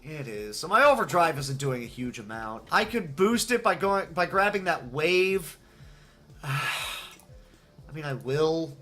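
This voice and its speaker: Excitable high-voiced speedrunner man. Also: slow, soft background music. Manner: excitable, self-deprecating, talks to chat. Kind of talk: live gameplay commentary.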